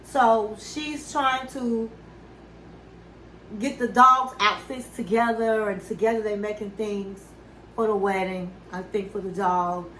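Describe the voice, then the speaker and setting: A woman hosting a reality TV recap in casual chat, an animated storyteller who acts out quotes and calls her listeners honey. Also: medium pitch, takes it slowly, echoey room, a little hiss or hum, poor audio.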